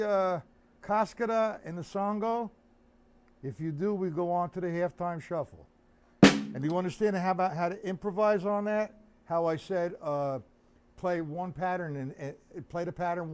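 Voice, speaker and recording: A man's voice: sits high, darkish tone, clean tone. Chatty man giving a drum lesson. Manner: rambling, chatty, talks to viewers by name. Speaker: drum teacher. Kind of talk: live-streamed drum lesson.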